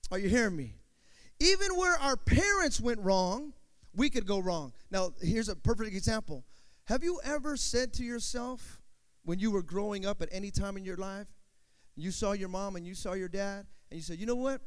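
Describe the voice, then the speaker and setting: A man with a high voice preaches to his congregation and keeps asking them for an amen. He swings between loud, driving passages and quiet ones. The sound carries a long reverb, like a large church sanctuary. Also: lively intonation, normal speed, smooth. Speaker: pastor. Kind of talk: sermon.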